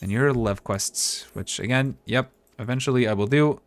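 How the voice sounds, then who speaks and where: A man giving casual, relaxed gameplay commentary as a streamer, chatting and thinking aloud. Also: medium pitch, moderate pace, no room sound.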